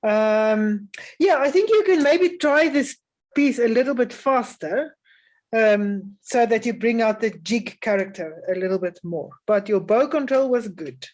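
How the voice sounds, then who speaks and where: Judging young string players at a music festival, a woman speaks with a voice on the high side. She's calm and encouraging, with many "um" pauses.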